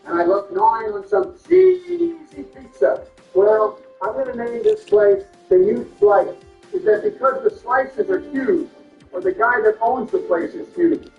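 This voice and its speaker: A man's voice: very high-pitched, sing-song, unhurried. A man doing comedic game commentary, trading crude insults in bickering impressions. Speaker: gameplay commentator. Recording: roomy, distant, muffled, with music.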